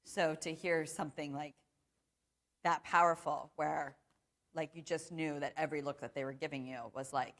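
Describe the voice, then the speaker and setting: A woman's voice: sits low, steady tone, normal speed, fairly bright tone, big-room sound. A woman in her thirties speaking earnestly and reflectively in a conversational interview. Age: 30s. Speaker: interviewee, cancer survivor.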